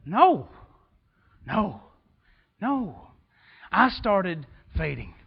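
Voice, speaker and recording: A man preaching a sermon as assistant pastor in a church, passionate and folksy, swinging between shouts and quiet asides. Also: sits high, huge pitch swings, drawn-out words, vocal fry, breathy edge, lo-fi sound. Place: church sanctuary.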